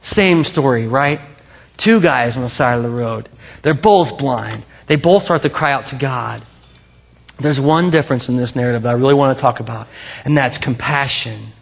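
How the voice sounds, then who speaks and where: A man's voice: medium pitch, moderate pace, creaky, muffled recording. A man preaching a sermon in a conversational, playful way, often stopping and restarting his sentences. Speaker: pastor.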